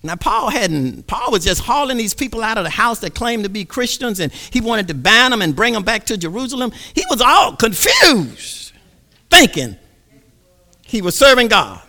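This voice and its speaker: Preacher guy, high voice, drops to a hush then shouts, stutters words as he builds. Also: very animated, normal speed. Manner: dramatic swings from hushed murmurs to shouts, repeats words. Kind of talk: sermon.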